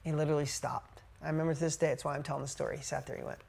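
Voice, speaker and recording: A woman's voice: low-pitched, little pitch movement, very fast, vocal fry, a little mellow, slightly rough. A woman business coach telling a candid story to her coaching group, speaking bluntly and swearing casually.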